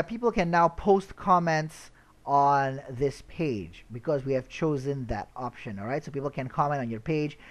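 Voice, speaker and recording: A slightly higher-pitched man talks through a software tutorial at an easy pace. He fills his pauses with "uh" and keeps checking in with "all right?" as he clicks along. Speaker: web tutorial instructor. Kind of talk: screen-recorded software tutorial.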